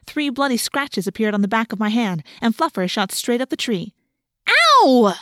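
A woman's voice: on the high side, brisk, no echo. Woman reading a story, dry close sound. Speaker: audiobook narrator. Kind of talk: scripted first-person narration.

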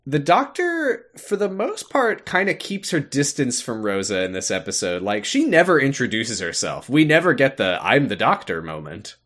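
A man's voice: medium pitch, big pitch swings, moderate pace, hardly any pauses, a bit bright. A man co-hosting a casual comedy podcast, sardonic and often laughing. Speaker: podcast co-host.

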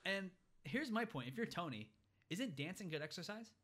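A man co-hosting a podcast, chatting casually as he recaps a film scene by scene with lots of fillers and quick quoted lines. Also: high-pitched, lively intonation, sharp tone. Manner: rambling retelling with many fillers and quick quoted voices. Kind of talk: casual chat.

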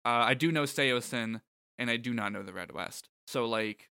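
A man's voice: medium pitch, moderate pace, gravelly, bright, forceful tone, clean tone, no room sound, clean studio sound. A man co-hosting a casual music podcast, wry and sarcastic, swearing freely as he runs through band names. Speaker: podcast co-host. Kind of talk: casual chat.

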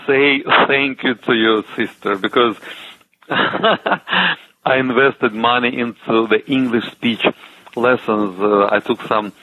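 A man from Russia with a Russian accent, a singer answering interview questions eagerly, with many pauses and uhs. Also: mid-range voice, sharp tone, a little hiss or hum. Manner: enthusiastic, hesitant with many uhs. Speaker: singer and TV host, guest. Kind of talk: casual interview. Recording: tinny phone line.

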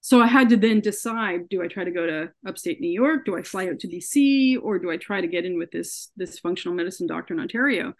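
A Canadian podcast guest talks fast in a lowish voice, hardly pausing, as she earnestly tells a personal story in an interview. Along the way she acts out the quoted dialogue of others.

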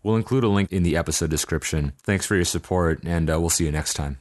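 A man co-hosting a podcast in casual chat, easygoing and quick to laugh. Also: low-pitched, music in the background. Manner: easygoing, laughs often, many fillers. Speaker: podcast co-host.

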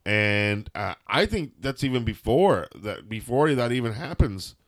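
A man's voice: medium pitch, very animated, unhurried. A man co-hosting a podcast, giving a rambling, jokey wrestling recap in casual chat. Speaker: podcast co-host.

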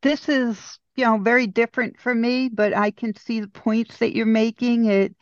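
A woman's voice: a little high, steady tone, normal speed, no room sound, muffled recording. A woman co-hosting a casual writing discussion, thoughtfully explaining ideas from a book she is reading. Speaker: co-host.

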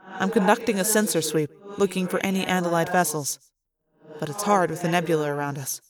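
A woman reading the lines of a young male alien cadet in a quiet, measured, matter-of-fact way. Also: lowish voice, fairly even intonation, a crowd in the background, natural voice. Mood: calm.

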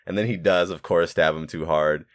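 With a steady tone at a moderate pace, this young podcast co-host talks loosely about a movie in a studio-quality recording with no room sound. He curses often and performs characters' lines in a squeaky, high-pitched voice.

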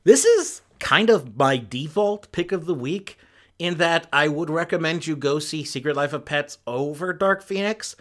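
A man's voice: medium pitch, fairly bright tone. Rambling, hesitant male film reviewer. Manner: rambling, hesitant, many restarts. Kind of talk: casual review chat.

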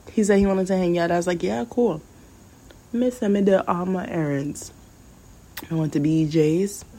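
Low, slow-talking woman podcaster. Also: darkish tone, low-quality recording. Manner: candid and blunt, acts out both sides of the conversation. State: coughing now and then. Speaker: podcast host. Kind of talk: casual storytime monologue.

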